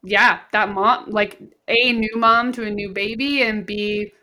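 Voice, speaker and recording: A woman's voice: mid-range voice, steady tone, measured pace, pushed and bright. A woman co-hosting a podcast, asking questions in a chatty, friendly way. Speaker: podcast co-host. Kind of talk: casual podcast conversation.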